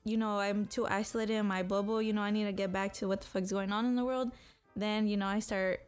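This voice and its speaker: A woman's voice: mid-range voice, flat delivery, fairly quick, clear, resonant tone, faint music behind. A young woman co-hosting a podcast, talking alone in a blunt, profane, self-motivating monologue. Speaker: podcast co-host.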